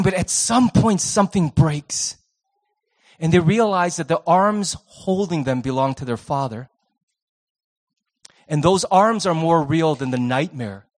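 Middle-aged male pastor, sermon delivery, slightly high voice, lively shifts from punchy to hushed. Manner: animated, swings from loud emphasis to soft near-whispers. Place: church sanctuary.

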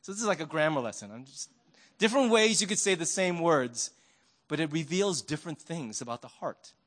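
A man's voice: on the high side, expressive, fairly quick, a bit bright. A man preaching a conversational sermon, telling stories and asking rhetorical questions. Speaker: pastor.

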